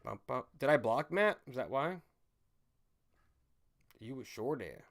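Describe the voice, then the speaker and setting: A man hosting a live stream, ranting in a heated, profane way that swings between shouting and muttering. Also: mid-range voice, very animated, measured pace, gravelly.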